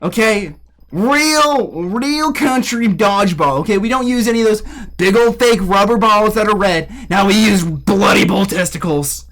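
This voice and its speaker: A man's voice: sits high, fairly bright tone. A man doing a put-on American Southern accent as a crude, boastful country man, drawing out his words and asking "okay?" again and again during a joking game stream. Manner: drawn-out, crude bragging, keeps asking "okay?".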